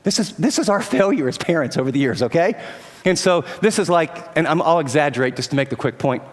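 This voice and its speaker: A middle-aged man preaching a sermon in a conversational, animated way, acting out everyday scenes. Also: fairly high pitch, brisk, long reverb tail. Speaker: pastor.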